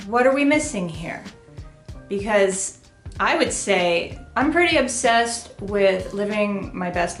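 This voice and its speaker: A middle-aged woman from the United States talks straight to camera in a casual, animated vlog style, chatty and a little self-deprecating. Her voice sits in the middle of the range for a woman. The room is noticeably roomy and echoey, and soft music plays faintly underneath. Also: medium pitch. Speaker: vlogger.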